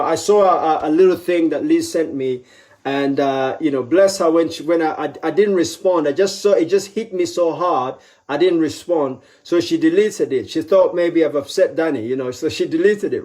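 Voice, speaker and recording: Male motivational speaker, somewhat high voice, emphatic, repeats key lines. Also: darkish tone. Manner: acts out quoted voices with pitch jumps. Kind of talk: live motivational talk.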